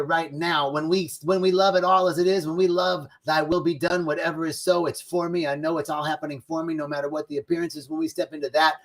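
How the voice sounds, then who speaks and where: A man hosting a live spiritual talk, singing bits of a love song and greeting viewers by name. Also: on the high side. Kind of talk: warm-up singing then casual spiritual talk. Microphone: livestream setup.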